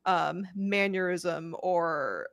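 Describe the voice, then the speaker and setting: A young woman on a podcast, explaining slowly and searching for the right words. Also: fairly low pitch, creaky, a bit bright, dry recording, studio quality. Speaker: podcast co-host. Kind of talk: casual podcast chat.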